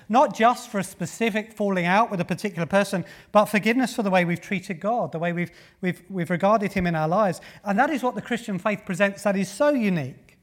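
A man delivering a sermon in a slightly high-pitched voice. He speaks earnestly, puts rhetorical questions to his listeners and presses his key points with rising force. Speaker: preacher.

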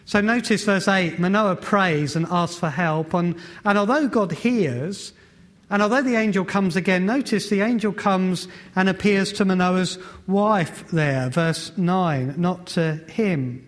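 A man's voice: sits high, a little slow. A man preaching a sermon, conversational in tone and asking the congregation rhetorical questions.

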